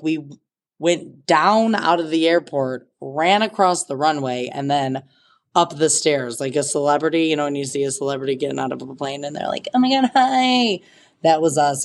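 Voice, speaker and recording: A woman telling a casual storytime monologue in an animated, dramatic way, swearing freely. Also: low-pitched.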